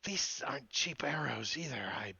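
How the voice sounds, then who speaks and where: A man's voice: mid-range voice, lively intonation, normal speed, gravelly, sharp tone, breathy edge, no room sound, dull audio, heavily acted. A man voicing a thrifty female archer who grumbles about the cost of her arrows, in a tabletop game. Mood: grumbling.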